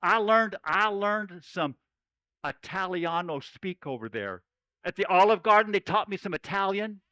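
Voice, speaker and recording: A man's voice: high-pitched, animated, a little slow, bright, forceful tone, no room sound, low-quality recording. A man speaking as a folksy cowboy storyteller, giving a playful chapel talk to children at camp. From Oregon.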